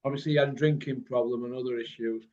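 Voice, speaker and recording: A man with a Birmingham accent hosting a casual online chat, blunt and rambling, quick to laugh. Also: medium pitch, steady tone, darkish tone. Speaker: host. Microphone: video call. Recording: muffled lo-fi video call audio.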